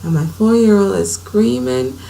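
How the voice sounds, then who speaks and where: Storyteller woman, thirties, earnest and chatty, lowish voice, faint hum behind. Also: animated, unhurried, gravelly, rough recording. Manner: earnest, conversational, drifts softer at times. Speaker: vlogger telling her life story. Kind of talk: personal storytelling to camera.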